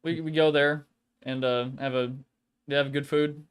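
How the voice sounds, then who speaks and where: A man's voice: on the high side, fairly even intonation, normal speed, smooth. A man streaming a video game and chatting casually, rambling, swearing often and laughing easily. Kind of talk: casual chat.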